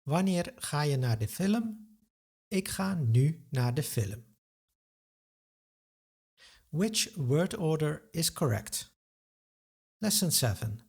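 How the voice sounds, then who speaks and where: Slow, husky male language teacher. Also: a little high, sing-song, darkish tone. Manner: methodical, explains step by step; carefully sounds out example words. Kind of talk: webinar grammar lesson.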